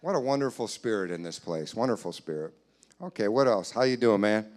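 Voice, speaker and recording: A man doing comedy crowd work in a church hall, teasing audience members in quick banter. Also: fairly low pitch, animated, a little mellow. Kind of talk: live stand-up crowd work.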